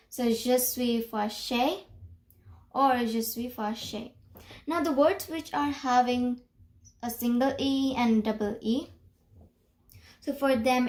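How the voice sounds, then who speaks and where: A young woman teaching a beginner language lesson, explaining slowly and patiently and saying example phrases aloud. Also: a little high, a little mellow.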